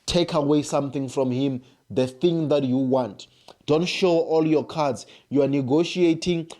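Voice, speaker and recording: A man from South Africa with a slightly high voice and a dark tone delivers an emphatic monologue to camera. His political commentary piles up rhetorical questions and repeated phrases.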